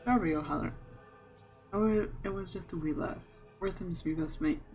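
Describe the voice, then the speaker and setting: A streamer reading a huge, gruff Irish ghost man's lines aloud, in a loud and blunt Irish accent. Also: medium pitch, a little fast, highs cut off, faint music behind, close to an everyday voice. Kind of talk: reading game dialogue aloud.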